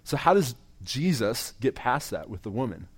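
A young campus minister preaches with earnest, testimony-style conviction, his medium-pitched, husky voice moving in a sing-song way at a moderate pace. He often repeats words as he restarts a thought, and his sentences tend to fade quietly at the end.

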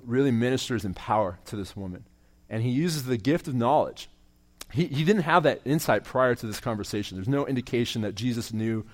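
This is a young campus minister preaching in a sincere testimony style with a medium-pitched voice. Restarts marked by repeated words are common, and his sentence endings trail off quietly.

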